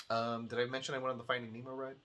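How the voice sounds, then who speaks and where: This weekly video game release show is hosted by a man whose mid-range voice sounds bright and forceful. His commentary is casual and rambling, sardonic, sprinkled with swearing and frequent laughter.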